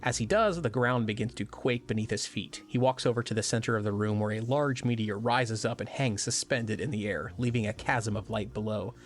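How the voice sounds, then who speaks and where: A man's voice: lowish voice, a little fast, hardly any pauses. Man narrating a wry game recap. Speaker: podcast co-host, narrator.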